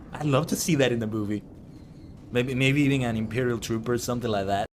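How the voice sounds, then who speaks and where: A man's voice: mid-range voice, a little mellow, a little hiss or hum. A man streaming a game, chatting casually, playful and punning and laughing often. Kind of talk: casual gaming commentary.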